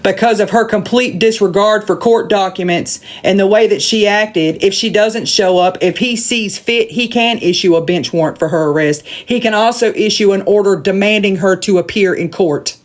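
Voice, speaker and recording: Southern woman livestreamer, heated profane rant into a phone, medium pitch, blunt and repetitive. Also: normal speed, few pauses. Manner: profane, blunt, repeats points for emphasis.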